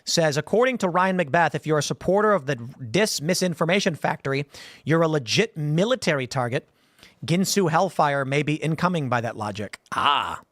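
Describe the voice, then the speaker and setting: A man's voice: fairly high pitch, lively intonation, normal speed, a bit bright, no room sound, studio quality. A man in his thirties hosting a casual commentary show, rambling and repeating words as he thinks. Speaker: host.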